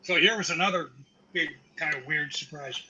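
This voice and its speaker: An older man, a guest actor, telling profane, animated stories about his career to a live audience and acting out the quotes. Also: a little high, normal speed, highs cut off, heavy background noise. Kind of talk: anecdotal storytelling to a live audience.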